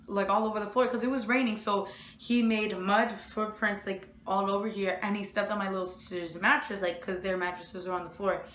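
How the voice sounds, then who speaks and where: A woman's voice: medium pitch, a bit bright. A young woman telling a storytime vlog, rambling with lots of fillers. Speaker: vlogger. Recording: echoey room.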